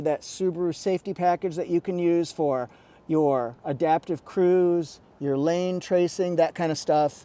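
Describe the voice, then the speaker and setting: Male car reviewer, casual and quirky, fairly high voice, lapel mic inside a car. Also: a little mellow. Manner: chatty, quirky, jokey asides. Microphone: lapel mic pack.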